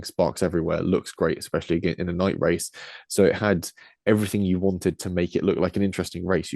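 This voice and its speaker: A man's voice: deep voice, dark tone, no echo, clean studio sound. A man co-hosting a podcast, talking casually in rambling sentences full of "sort of". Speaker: podcast co-host. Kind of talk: casual chat.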